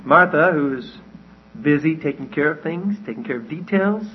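A man with a somewhat high, husky voice walks through a Bible passage verse by verse. He talks in a conversational way and keeps asking his listeners questions. The recording sounds dull and lo-fi. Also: lively intonation, moderate pace. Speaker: Bible teacher.

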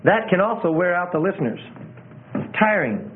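Guy giving a preaching class, kinda high voice, repeats himself a lot, tinny phone-like sound. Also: very animated, moderate pace, slight background noise. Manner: conversational, repeats phrases, self-corrects. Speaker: preaching instructor. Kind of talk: teaching on sermon delivery.

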